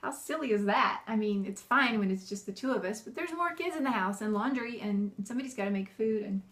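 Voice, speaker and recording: Quick-paced and medium in pitch, a homeschooling mom gabs casually to the camera. She's animated and laughs a lot, imitating the bossy and cheerful voices she directs at her children.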